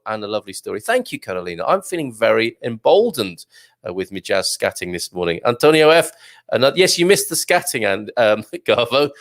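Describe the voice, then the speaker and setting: A man's voice: mid-range voice, a bit bright. Chatty host guy reading comments live, jokey, lots of ums, bouncy voice. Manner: chatty, jokey, with frequent fillers and laughs. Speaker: livestream show host reading viewer comments. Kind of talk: casual live chat.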